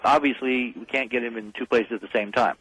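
A man talks as a guest on a radio call-in show, pressing his points with urgent emphasis. His voice sits at an ordinary pitch and comes through a dry broadcast sound with no room echo. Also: steady tone, fairly quick, fairly bright tone, slightly rough. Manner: emphatic, urgent, rallying the audience.

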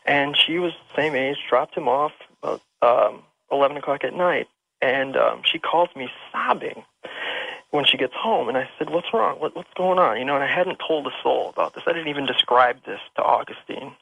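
Male caller on a dull, lo-fi phone line with a gravelly, mid-pitched voice; rambling storyteller who restarts often. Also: moderate pace, no echo. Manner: rambling, emotional, with many restarts. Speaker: radio show caller. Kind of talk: telling a personal ghost story. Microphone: telephone.

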